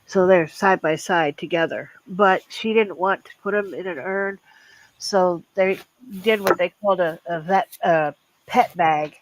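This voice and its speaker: An older woman, a guest in a casual chat, talking haltingly with many restarts about a loss. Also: fairly low pitch, a little hiss or hum, rough recording.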